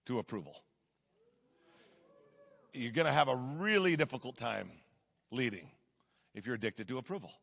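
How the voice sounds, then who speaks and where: Gravelly, bright-voiced man preaching in a hall. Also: a little high. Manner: conversational, emphatic, shifts between loud and hushed. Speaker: pastor. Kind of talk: sermon. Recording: long hall reverb.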